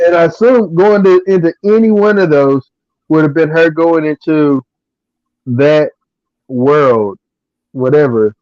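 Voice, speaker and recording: A man's voice: on the high side, unhurried, pauses often, no echo. A man co-hosting a podcast, chatting casually in a rambling way and laughing often. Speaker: podcast co-host. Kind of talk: casual chat. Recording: dull, lo-fi dry sound.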